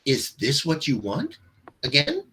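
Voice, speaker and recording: A man's voice: a little high, huge pitch swings, measured pace, pushed and bright. A man hosting a casual political chat, combative and profane, getting heated as he argues. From New York. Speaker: host.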